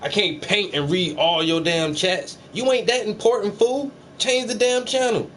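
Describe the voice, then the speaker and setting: A man's voice: sits high, moderate pace, fairly bright tone. A man painting on a livestream, bantering with his chat in a joking, profane, teasing way. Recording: slightly distant mic, faint air-conditioner hum.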